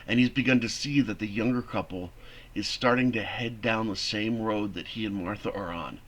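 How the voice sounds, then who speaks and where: A man teaching a theater class, explaining a play in an animated, conversational way. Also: on the low side, normal speed. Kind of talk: classroom lecture.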